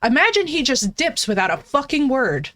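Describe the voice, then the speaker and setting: A woman's voice: high-pitched, big pitch swings, moderate pace, a bit bright. A woman streaming a game, ranting casually and profanely while answering her chat. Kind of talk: casual live-stream commentary.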